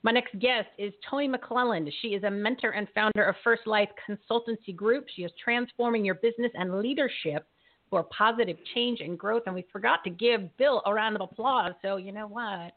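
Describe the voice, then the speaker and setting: A woman's voice: mid-range voice, normal speed. A woman hosting a live talk show, enthusiastic and hyping her guests. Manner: enthusiastic, hypes guests, laughs often. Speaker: host. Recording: tinny phone-like line.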